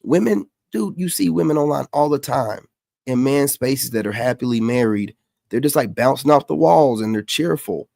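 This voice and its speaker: A gravelly-voiced man rants in casual reaction commentary, his pitch leaping around as he mocks what he hears. The sound is dry and close, with no room around it. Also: moderate pace, no room sound. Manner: mocking, dismissive, animated. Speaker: commentary host reacting to clips.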